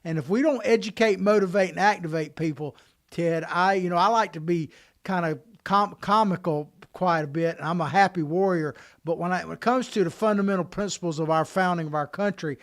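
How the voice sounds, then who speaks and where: A man co-hosting a political podcast, talking emphatically in an animated way. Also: sits high. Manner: animated, emphatic, quick restarts. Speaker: podcast co-host.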